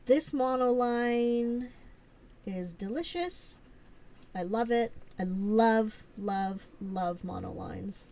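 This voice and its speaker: Slow, gushing woman streaming live. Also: fairly high pitch, mellow. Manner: gushing, chatty, with many fillers. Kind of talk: casual live-stream show-and-tell.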